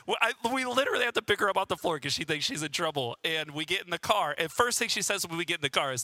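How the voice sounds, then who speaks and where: A man's voice: on the high side, a little fast, bright, forceful tone, no room sound. A man in his thirties, a pastor giving a sermon with personal stories, chatty and self-deprecating and laughing often.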